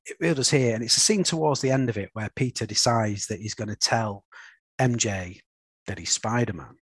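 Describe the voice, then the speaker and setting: A man's voice: on the low side, fairly quick, slightly rough, dry recording. A man, a father, hosting a casual comics review podcast and often ending his points with tag questions like "isn't it?". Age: young adult or middle-aged, a father. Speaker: podcast host.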